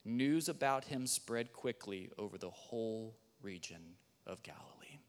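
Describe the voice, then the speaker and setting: A male guest preacher reading scripture aloud in church, building to loud, emphatic delivery. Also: lowish voice, unhurried, in a large hall. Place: church sanctuary.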